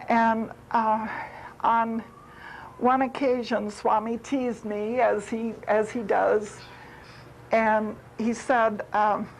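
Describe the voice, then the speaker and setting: A woman's voice: fairly high pitch, flat delivery, slow pace, slight background noise, low-quality recording. A woman telling a personal story at a spiritual retreat, heartfelt and repeating words for emphasis. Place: retreat gathering.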